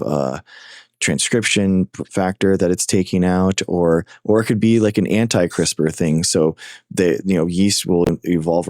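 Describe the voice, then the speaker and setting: Slow, deep-voiced streamer man. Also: a little mellow, dry recording, clean studio sound. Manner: hesitant, halting, many fillers and restarts. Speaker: livestream host. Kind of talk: casual livestream chat and science explanation.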